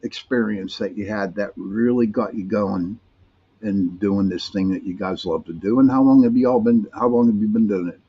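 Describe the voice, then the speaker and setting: A man's voice: fairly low pitch, steady tone, normal speed, breathy edge. A man hosting a live podcast, rambling and friendly with lots of fillers and restarts. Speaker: podcast host. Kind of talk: live-stream podcast chat. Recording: dull lo-fi streamed audio.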